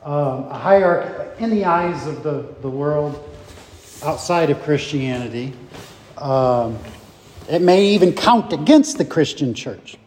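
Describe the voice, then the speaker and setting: A man's voice: a little high, expressive, unhurried, darkish tone, big-room sound. A man leading an informal Bible study, teaching conversationally and putting questions to his group.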